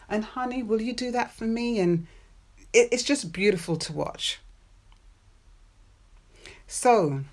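A woman hosting a podcast, giving relationship advice in a playful, chatty monologue with personal stories and frequent laughs. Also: mid-range voice. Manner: playful, chatty, laughs often, drawn-out stressed words.

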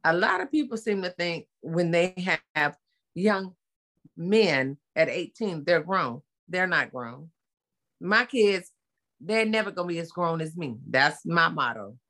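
A middle-aged mother talking casually and bluntly, telling animated stories about her sons with plenty of slang. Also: on the low side, a little slow. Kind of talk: casual chat.

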